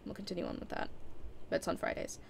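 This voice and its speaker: A woman's voice: fast talker, a little hiss or hum. A young woman chatting casually as a live streamer winding down her stream, rambling with lots of fillers and frequent laughs.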